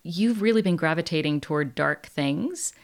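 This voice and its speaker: A woman in casual book talk, thoughtful and measured with a wry edge. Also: low voice, animated.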